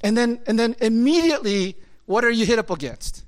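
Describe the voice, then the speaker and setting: A man preaching a sermon in a conversational, animated way, full of fillers and acted-out asides. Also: very high-pitched, brisk.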